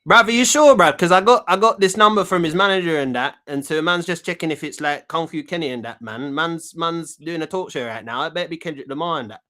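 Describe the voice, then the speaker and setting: A man's voice: on the high side, fast talker, hardly any pauses, sharp tone. A man hosting a comedy talk show, rambling cockily and repeating himself. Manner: cocky, rambling, slang-heavy, repeats himself. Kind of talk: comic talk show monologue.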